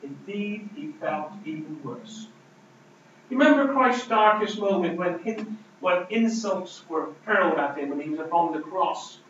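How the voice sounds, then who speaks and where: A man preaching a sermon, emphatic, swinging between loud declarations and hushed lines. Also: high-pitched, animated, a little slow, a little hiss or hum. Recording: distant, roomy, dull hall recording.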